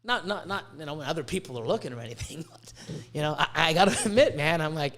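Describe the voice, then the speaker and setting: A man with a notably high voice hosts a casual podcast, swearing freely and rambling through animated stories. He sounds hot and sweaty, talking from a warm indoor room. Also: fast talker. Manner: profane, rambling, animated storytelling. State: sweating, overheated. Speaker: podcast host, reptile breeder.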